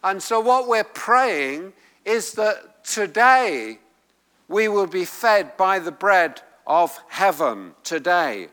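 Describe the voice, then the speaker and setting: Emphatic preacher in a reverberant hall. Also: male voice, high-pitched, very animated, takes it slowly, a bit bright. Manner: emphatic, repeats key phrases. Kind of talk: sermon teaching from the Greek text. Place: church hall with congregation.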